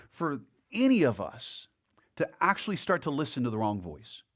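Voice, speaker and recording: A man preaching a sermon as a pastor, in a conversational way, often repeating words and acting out the lines of the people in his story. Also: mid-range voice.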